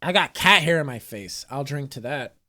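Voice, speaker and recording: A man's voice: a little high, lively intonation, normal speed, pushed and bright. A man chatting loosely in a home vlog, joking and swearing as he reads out an affirmation card and talks to his cat. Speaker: spiritual vlogger. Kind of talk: casual rambling vlog with card reading.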